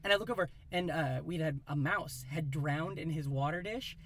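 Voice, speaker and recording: A man in his thirties from Iowa, telling a rambling, animated story in a casual chat. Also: on the high side, normal speed, a little hiss or hum. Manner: animated, rambling, acts out voices in quotes.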